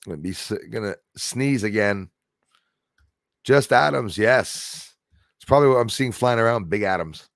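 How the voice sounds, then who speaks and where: Gravelly, rambling livestream host. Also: male voice, lowish voice, normal speed, dry recording, studio quality. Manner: rambling, excitable, answers viewer chat aloud. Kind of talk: casual livestream chat.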